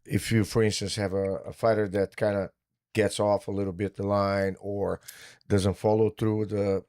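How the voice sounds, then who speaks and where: Slow, deliberate male interviewer. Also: fairly low pitch, flat delivery, darkish tone, clean tone, no echo, studio quality. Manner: slow, deliberate questioner with short backchannels. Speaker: podcast host, interviewer. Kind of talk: measured interview questions.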